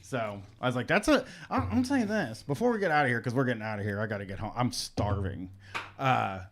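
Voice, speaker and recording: Man, talk show host, gravelly voice, halting and rambling, casual chat. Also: mid-range voice, lively intonation. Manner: rambling, halting, full of restarts. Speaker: podcast host.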